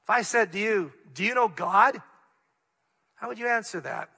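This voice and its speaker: Middle-aged male pastor, earnest sermon delivery, bright tone, echoing sanctuary. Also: high-pitched, normal speed, creaky, slightly rough. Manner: earnest, reads scripture then explains plainly. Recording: long reverb of a large hall.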